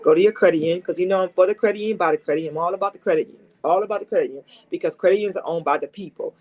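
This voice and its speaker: A woman's voice: on the low side, racing, a little mellow. Car saleswoman at her desk, bit sniffly from a cold, chatty and emphatic, says stuff twice. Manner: chatty, emphatic, repeats key points. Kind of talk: casual advice talk to camera.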